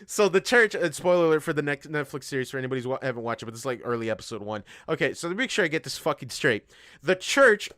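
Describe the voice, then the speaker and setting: A man's voice: fairly high pitch, fast, no echo, studio quality. A man co-hosting a podcast, casually retelling a show's plot with lots of swearing and laughter. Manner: profane, animated retelling with laughs. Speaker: podcast co-host. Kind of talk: casual chat.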